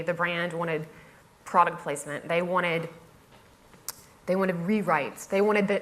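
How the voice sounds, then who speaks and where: A woman's voice: lowish voice, pushed and bright. A woman giving a humorous storytelling talk on a festival stage, wry and self-mocking, often laughing through her lines. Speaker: conference speaker.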